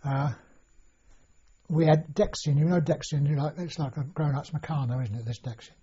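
In an oral history interview, an older man rambles about his past with many restarts and fillers. His voice is fairly high-pitched, dark, and slightly rough, at a moderate pace, and the lo-fi recording sounds dull.

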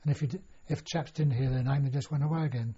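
A man's voice: medium pitch, quick pace, dark tone, slightly rough. An older man telling a long personal story in an oral history interview, rambling and full of fillers and restarts. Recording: dull lo-fi recording.

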